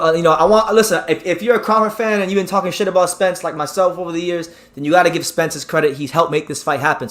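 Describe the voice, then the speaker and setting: A man hosting a live boxing stream, talking excitably, repeating himself and reading out the chat. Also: a little high. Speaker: boxing channel host.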